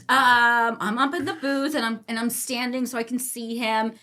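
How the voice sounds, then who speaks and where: Bright, lively storytelling woman. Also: fairly high pitch. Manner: animated, laughing storyteller. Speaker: theater company executive, former stage manager. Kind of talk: casual podcast storytelling.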